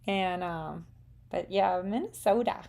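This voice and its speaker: Slow, gravelly Southern woman. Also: lowish voice, warm tone. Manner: chatty and rambling, with frequent ums. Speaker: craft demonstrator hosting a live stream. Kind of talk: casual live demo chat with viewers.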